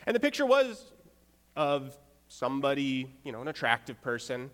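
A young adult man preaching a conversational sermon, relaxed, with rhetorical check-ins and wry asides. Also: a little high, a little slow. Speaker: pastor. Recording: long hall reverb.

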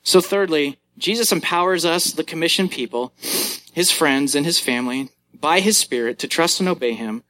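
Male pastor, 30s, sermon voice, on the higher side, easygoing storytelling. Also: moderate pace, fairly bright tone. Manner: conversational preaching with anecdotes.

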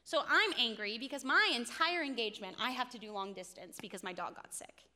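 A woman's voice: a little high, expressive, fairly quick, bright, forceful tone, long reverb tail. A woman in her twenties giving a sermon, telling a personal story in an earnest, confessional way. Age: 20s. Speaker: speaker at a faith talk.

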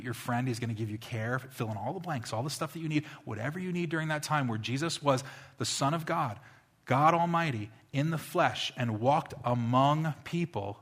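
A male pastor preaching a sermon, asking the congregation rhetorical questions and swelling into impassioned emphasis. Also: mid-range voice.

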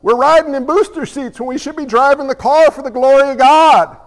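A man's voice: very high voice, a little fast. A man preaching a sermon, asking the congregation questions and telling stories. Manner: emphatic, questioning, storytelling. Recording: long hall reverb.

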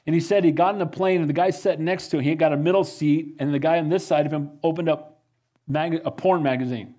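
Male pastor, sermon delivery, slightly high voice, fervent rising emphasis. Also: fairly quick, dark tone. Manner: preaches with rising, fervent emphasis and repeated "Amen?".

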